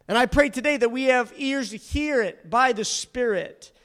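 Male preacher with a very high voice, fervent and exhorting, leading a church congregation. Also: moderate pace, fairly bright tone. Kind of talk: sermon.

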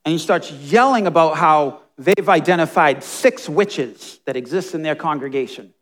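A man preaching a sermon with passion, dropping to hushed asides and rising to emphatic, near-shouted points. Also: a little high, moderate pace. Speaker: pastor.

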